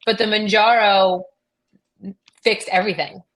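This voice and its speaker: Chatty woman with a bright voice. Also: mid-range voice, steady tone, unhurried. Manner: chatty, rambling, full of fillers and quoted dialogue. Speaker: guest. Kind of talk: casual storytelling.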